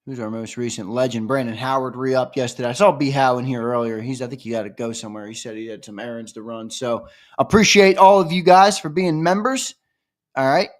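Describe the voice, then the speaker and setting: A man with a mid-range voice talks a little fast as he hosts an informal live-streamed sports fan show. Between chatting with viewers, he breaks out in loud, excited yells.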